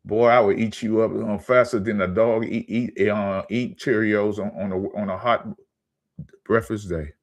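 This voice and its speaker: A low-voiced man rants about sports on his own channel. He talks in a heated, profane way, stumbling and repeating words as his anger builds. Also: fairly even intonation, moderate pace. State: angry. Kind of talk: ranting sports commentary.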